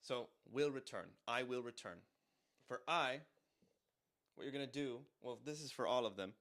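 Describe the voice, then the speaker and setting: A man's voice: mid-range voice, normal speed, a bit bright. A man teaching a language through song lyrics, breaking each line down patiently and often checking in with "right?".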